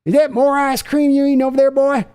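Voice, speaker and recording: A man voicing a bossy, boastful older team owner who scolds his grown son, loud and drawling. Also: on the high side, lively intonation, fast, natural voice. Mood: scolding.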